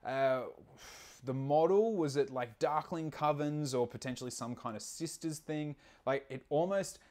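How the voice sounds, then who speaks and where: A man's voice: fairly high pitch, a little slow, a little mellow. A man hosting a casual livestream, laid-back and profane, rambling with plenty of fillers. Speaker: stream host.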